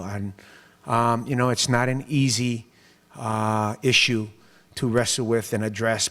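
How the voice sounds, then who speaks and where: A man giving a public speech to a business group as mayor, telling stories in an animated way and acting out other people's lines. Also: medium pitch. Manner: animated storytelling, acts out quoted voices with laughs. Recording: long hall reverb.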